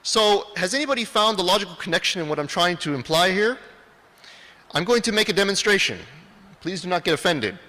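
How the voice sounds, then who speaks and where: A man's voice: high voice, expressive, brisk, pushed and bright. A man gives a lecture presentation, putting questions to the audience and answering them himself. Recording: long reverb of a hall.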